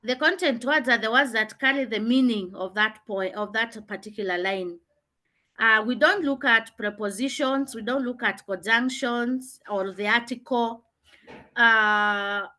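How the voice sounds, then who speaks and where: A woman's voice: fairly high pitch, sharp tone. Woman teaching, patient and repetitive. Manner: patient, repeats key points to stress them. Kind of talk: online revision lesson.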